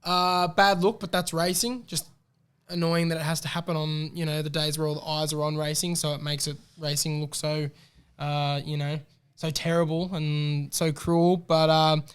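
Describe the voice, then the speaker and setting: A chatty man with a slightly higher voice that comes across smooth and clear. He talks racing tips excitedly, like a podcast co-host among mates. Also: moderate pace. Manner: chatty, excitable, gives shout-outs. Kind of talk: casual racing tips chat.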